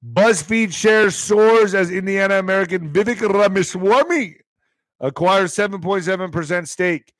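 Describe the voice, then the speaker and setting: A man's voice: sits high, moderate pace, no room sound. A man from the Texas border reading news headlines aloud and breaking in with casual, wry comments and the odd Spanish interjection. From US–Mexico border, Texas. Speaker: show host reading and reacting to news.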